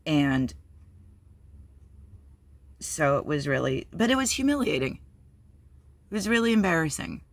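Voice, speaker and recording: A woman's voice: low-pitched, big pitch swings, measured pace, pauses often, dry recording. A woman candidly telling a personal story on her vlog, blunt and profane, with many fillers. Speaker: vlogger.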